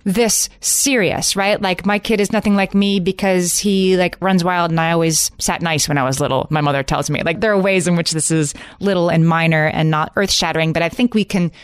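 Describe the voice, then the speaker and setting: A middle-aged woman co-hosting a podcast talks things through in a thoughtful, explanatory way. Her voice is slightly low. She is recorded dry and close on a studio mic. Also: fairly even intonation, fairly quick, few pauses, clean tone, no echo. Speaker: podcast co-host. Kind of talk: casual conversation.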